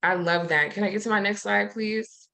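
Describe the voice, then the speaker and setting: A woman presenting over a video call who leads a slow, soothing breathing exercise and reads affirmations aloud. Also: medium pitch, steady tone, gravelly, poor audio. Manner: soothing, slow guided meditation cues, warm affirmations. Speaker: summit presenter.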